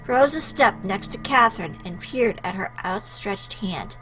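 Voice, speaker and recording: A woman hosting a let's play, reading a visual novel aloud with expressive, chatty asides. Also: medium pitch, measured pace, few pauses, faint music behind.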